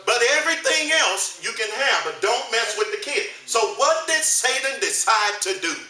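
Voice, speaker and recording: A man with a high, strikingly bright voice preaches a Sunday school lesson, stopping mid-sentence so the class can fill in the answer. He is picked up from a distance, and the church room rings with echo. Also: sing-song, moderate pace. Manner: call-and-response, leaves blanks for the class to fill. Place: church hall. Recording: roomy echo, mic from a distance.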